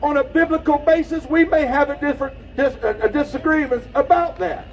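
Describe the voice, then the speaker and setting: High-pitched man shouting a rally speech. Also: fairly quick, recorded from a distance, highs cut off, a little hiss or hum. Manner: impassioned, preacher-like shouting. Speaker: rally speaker. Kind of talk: outdoor political rally speech. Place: outdoors at a rally.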